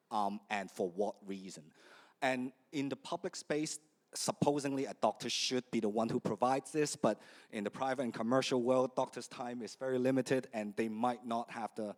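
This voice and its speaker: A man speaking on an industry panel, building his argument haltingly with restarts and repeated words. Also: medium pitch. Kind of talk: panel discussion.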